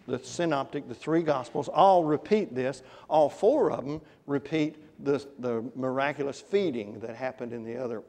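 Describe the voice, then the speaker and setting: A man's voice: mid-range voice, creaky, darkish tone, in a large hall. A man preaching a conversational sermon, often putting questions to his congregation. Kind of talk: interactive Bible class sermon. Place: church.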